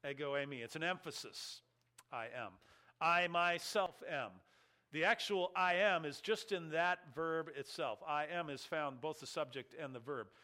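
Male pastor, bright forceful voice, slightly high, emphatic teaching sermon with dry humor. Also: normal speed. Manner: teaching, emphatic with wry asides.

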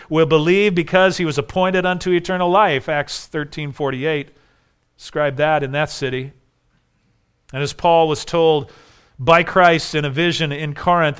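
A man preaching a sermon, emphatic, dropping soft and then rising loud. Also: fairly high pitch, clean tone.

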